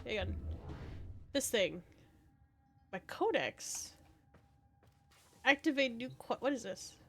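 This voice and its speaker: Brief: young woman game streamer, high youthful voice, rambling and profane, sniffly with a cold. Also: very animated, takes it slowly. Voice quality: high, youthful voice she calls cute. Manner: rambling, swears often, reacts to chat. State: sniffly, sneezing and clearing throat. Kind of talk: casual game stream chat.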